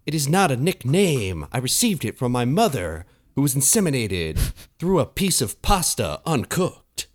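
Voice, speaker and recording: A man playing an odd, slow-talking drifter with a deadpan drawl in an improvised comedy bit. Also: mid-range voice.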